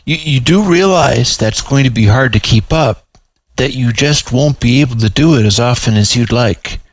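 A man's voice: mid-range voice, moderate pace, dry recording, natural voice. A proud, weary female panther-like cat, as a man puts her on, sighing and grumbling with grudging exasperation. The recording is dry and close, with no room sound. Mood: exasperated.

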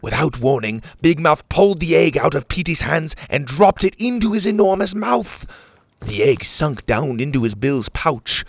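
A man narrating a children's adventure story in an animated way, voicing each character. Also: on the high side, moderate pace, gravelly, no echo, clean studio sound.

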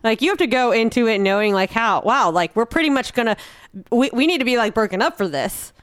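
A young woman co-hosting a relaxed podcast, talking in chatty runs and laughing easily. Her voice sits fairly high and sounds dry and close, with no room around it. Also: no room sound. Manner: chatty, laughs often, quick asides. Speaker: podcast co-host. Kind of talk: casual chat.

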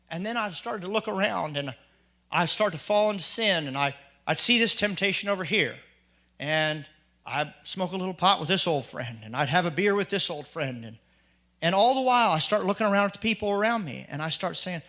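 A man's voice: high-pitched, animated, brisk, sharp tone. A middle-aged man giving an earnest, conversational spoken testimony, full of restarts and asides. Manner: earnest, conversational, many restarts and you-knows. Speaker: church member giving testimony.

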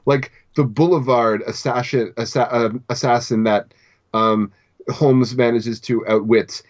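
A man's voice: mid-range voice, fairly even intonation, a little slow. A man from Canada co-hosting a book podcast, talking in a rambling casual way with many restarts. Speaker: podcast co-host. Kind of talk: casual chat. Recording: dull lo-fi audio.

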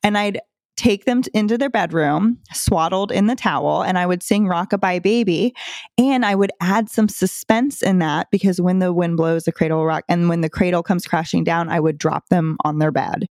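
A woman's voice: lowish voice, moderate pace, a little mellow, no echo, studio quality. A woman hosting a parenting podcast, giving casual advice in a conversational way with chuckles between stories.

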